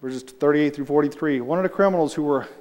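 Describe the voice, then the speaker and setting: A man's voice: a little high, fast talker, darkish tone. A man leading a casual Bible study, talking loosely and answering his group as he reads aloud. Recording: reverberant room.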